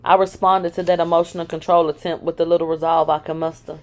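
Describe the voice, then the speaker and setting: A woman's voice: lowish voice, little pitch movement, quick pace, a little mellow. Candid woman reading a memoir. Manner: candid, with sarcastic asides. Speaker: reader of a memoir. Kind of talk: first-person audiobook reading with asides.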